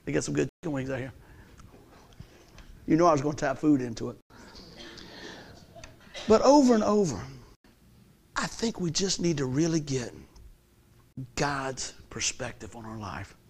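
A man preaching a sermon in a folksy, conversational way, swinging from hushed lines to shouts. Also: fairly high pitch, very animated, moderate pace, vocal fry, pauses often, husky.

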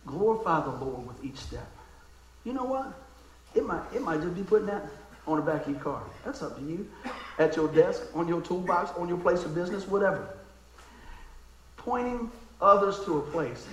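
A man preaching with a fervent, folksy manner that keeps calling for an amen. His voice sits high for a man. It rings out through a roomy, echoing sanctuary. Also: a little hiss or hum. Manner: fervent, folksy, calls for amens. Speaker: pastor. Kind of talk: sermon.

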